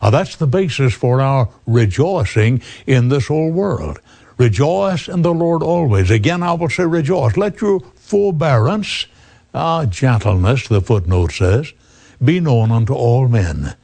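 A man's voice: medium pitch, big pitch swings, a little slow, vocal fry, darkish tone. An older man preaching a sermon, earnestly quoting scripture with chapter and verse and asking rhetorical questions.

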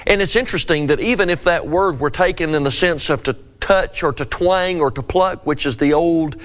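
A man's voice: a little high, normal speed, a bit bright. A man preaching a devotional scripture lesson, asking his listeners earnest questions.

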